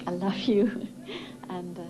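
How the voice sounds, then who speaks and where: Lady sending a sweet message from a loud dressing room, kinda low voice. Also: fairly even intonation, takes it slowly, very noisy. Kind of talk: recorded video message.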